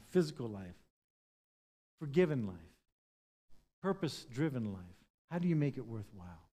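A man preaching a sermon as pastor, moving from loud, stressed points to quiet, hushed lines and acting out the words of scripture figures. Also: mid-range voice. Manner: impassioned, swings between loud emphasis and hushed tones.

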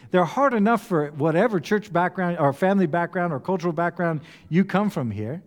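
A man preaching a sermon in an animated way, now and then acting out voices with humor. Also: sits high, a little fast, hardly any pauses. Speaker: pastor. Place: church hall. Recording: long echo of a church hall.

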